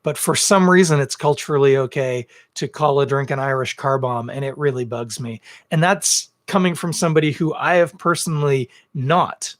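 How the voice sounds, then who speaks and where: A man's voice: medium pitch, normal speed. A man hosting his own podcast, talking in a casual rant full of ums and uhs, earnest and then blunt. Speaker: podcast host. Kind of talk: casual ranting monologue. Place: home set filmed on two cameras.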